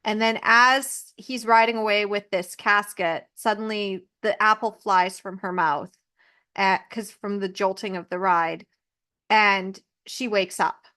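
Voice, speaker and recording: A woman hosting a podcast, retelling a fairy tale in a chatty, animated way with personal asides. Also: medium pitch, measured pace. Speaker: podcast host. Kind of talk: casual storytelling.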